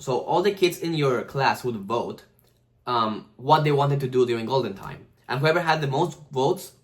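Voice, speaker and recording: A man in his twenties telling a casual storytime, rambling, swearing and full of slang and fillers. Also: medium pitch. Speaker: vlogger.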